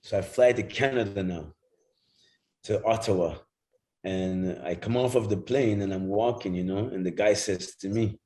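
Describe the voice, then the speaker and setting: A man's voice: on the low side, normal speed, dark tone, poor audio. A middle-aged man from Jamaica, a former football player, telling casual stories as a guest, acting out other people's lines, swearing freely and laughing often. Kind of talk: casual storytelling.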